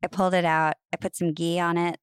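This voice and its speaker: A woman co-hosting a casual podcast, telling chatty stories and laughing easily. Her voice is lowish, smooth and clear. The close mic is completely dry, with no room at all. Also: flat delivery, fast, no echo. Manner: chatty storyteller, laughs easily, says "like" often. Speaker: podcast co-host. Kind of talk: casual chat.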